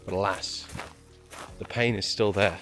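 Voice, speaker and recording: Faint music sits behind a lowish male voice that's fairly even in intonation, a little slow, and fairly bright in tone. Outdoors on a hillside trail and road, the travel vlogger talks to his camera on the way up to a shrine, winded and self-deprecating.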